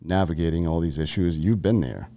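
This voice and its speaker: Speaking fairly quickly in a low, mellow voice, this Carolinas man in his thirties is a podcast guest and former army soldier. His casual storytelling is blunt and full of profanity, with lots of restarts.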